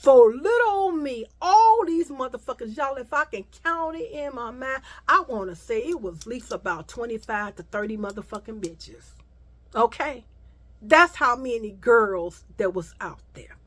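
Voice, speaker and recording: A woman's voice: on the high side, expressive, moderate pace, sharp tone. Woman telling a profane, dramatic story. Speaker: vlogger. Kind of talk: storytime vlog.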